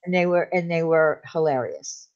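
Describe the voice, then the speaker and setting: A woman's voice: low voice, normal speed, darkish tone. A woman chatting casually as a guest, telling rambling stories with many fillers. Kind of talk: casual chat. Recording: dull lo-fi sound.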